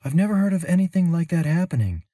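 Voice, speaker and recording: A woman's voice: on the low side, very animated, quick pace, mellow, husky, dry recording, studio quality, pitched above the performer's own voice. A man voicing an anxious young woman traveler in a storybook reading, worried and full of questions, his voice raised well above his own.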